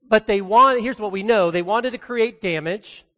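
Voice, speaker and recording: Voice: medium pitch, normal speed, sharp tone. Earnest pastor preaching in an echoing hall. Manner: earnest, conversational, emphatic on key phrases. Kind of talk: sermon with scripture reading.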